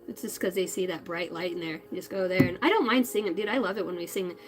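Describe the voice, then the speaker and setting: A woman's voice: lowish voice, fast talker, rough recording. Blunt, chatty woman tarot streamer. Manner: chatty, blunt and profane, greets viewers. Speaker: tarot reader hosting a livestream. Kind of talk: casual live-stream chat.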